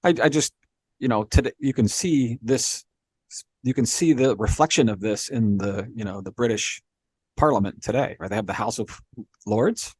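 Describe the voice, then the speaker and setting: A man talks through history on a podcast in an easy conversational manner, often tossing in "you know" and "right?" to keep his listener along. His voice sits at an ordinary pitch and is recorded dry and close, with no room sound. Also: moderate pace, darkish tone, slightly rough, dry recording. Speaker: podcast co-host. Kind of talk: casual explanatory chat.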